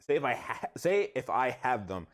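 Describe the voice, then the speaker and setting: Brief: podcast co-host, man, mid-pitched voice, halting, restarts sentences. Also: big pitch swings. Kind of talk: casual chat.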